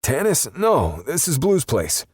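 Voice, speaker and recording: A man's voice: on the high side, wildly swooping pitch, takes it slowly, a bit bright, breathy edge, dry recording, studio quality, pitched above the performer's own voice, heavily acted. A man voicing a frightened young male captive who stammers and pleads, in an audiobook. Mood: terrified.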